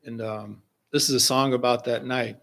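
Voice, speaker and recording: A man leading a service, telling a personal story and introducing a song in a slow, gentle way with pauses. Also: medium pitch, fairly even intonation, vocal fry. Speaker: singer-songwriter leading a service. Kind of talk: spoken reflection and song introduction. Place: fellowship hall.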